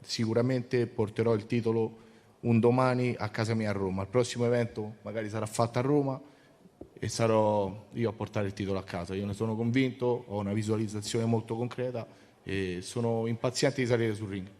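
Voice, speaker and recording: A man's voice: fairly low pitch, steady tone, quick pace, darkish tone, long reverb tail. A man from Rome, a fighter speaking with determined confidence at a press conference. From Rome, Italy.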